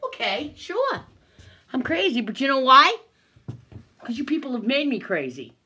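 A woman's voice: high voice, big pitch swings, normal speed, sharp tone, breathy edge. An older woman filming herself in an agitated, angry rant, swearing, stammering and breaking into bitter laughs. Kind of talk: angry self-filmed rant.

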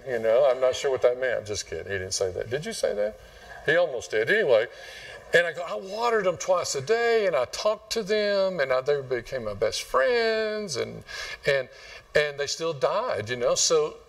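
A man's voice: mid-range voice, recorded from a distance. A man from West Texas, preaching a folksy, rambling sermon and quizzing his congregation. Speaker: pastor. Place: church sanctuary.

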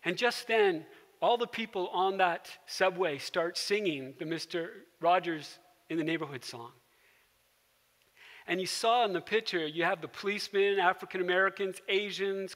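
A male pastor delivers a sermon in a high, sharp, bright voice. He tells it like a story and sinks into a gentle hush at quiet moments. His voice rings with the long reverb of a church hall. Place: church sanctuary.

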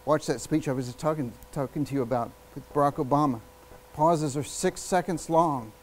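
Man, workshop presenter, slightly high voice, energetic, plays with pace and pauses, faint background noise. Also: low-quality recording. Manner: energetic, emphatic, varies speed and volume with long pauses. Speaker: public speaking workshop presenter. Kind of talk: live workshop talk. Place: workshop room with an audience.

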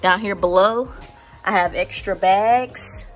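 A young adult woman walks through her spa room, chatting casually and filling her pauses with "like" and "um". Her voice sits in a middle pitch, and faint music plays quietly under her talk. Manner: chatty, filler-heavy listing with many "like" and "um". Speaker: spa owner giving a room tour. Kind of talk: casual walkthrough vlog. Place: indoor spa treatment room.

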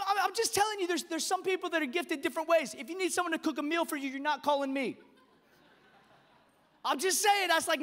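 A man preaching a sermon as pastor, impassioned, dropping to a hush and then rising to shouts, with quick repeated words. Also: extremely high pitch, big-room sound. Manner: impassioned preaching, swinging between hushed and shouted.

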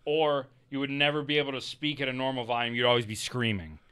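An American man co-hosting a podcast, trading quick jokey banter. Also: medium pitch, steady tone, a bit bright, clear, resonant tone. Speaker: podcast co-host. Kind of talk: casual chat.

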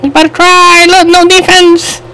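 A woman commenting on a basketball video game as she plays, shouting, laughing and trash-talking. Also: extremely high pitch, flat delivery, unhurried, background noise. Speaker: gamer. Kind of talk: excited gameplay commentary.

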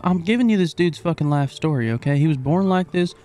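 Man, game roleplay, profane, mock-outraged, slightly high, faint music. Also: fast, warm tone. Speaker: roleplay streamer.

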